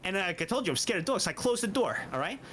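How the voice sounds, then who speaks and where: A man telling a long anecdote in casual chat, animated and swinging between hushed and shouting. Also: high voice, racing, a little hiss or hum. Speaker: guest storyteller. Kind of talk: casual storytelling on a stream. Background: music.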